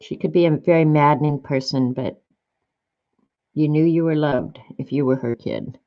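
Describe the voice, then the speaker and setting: A woman's voice: low-pitched, fairly even intonation, moderate pace. Chatty older woman with a dull lo-fi sound. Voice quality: chatty, rambling, warm-hearted reminiscing. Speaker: art vlogger. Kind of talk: casual chat while flipping through journal pages.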